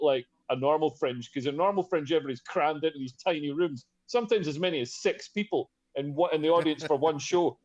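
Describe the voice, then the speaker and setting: A man chats loosely as a comedy podcast host, rambling and restarting his sentences. His voice sits a little high, and the recording sounds dull and lo-fi. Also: a little mellow. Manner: rambling, full of fillers and restarts. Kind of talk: casual chat.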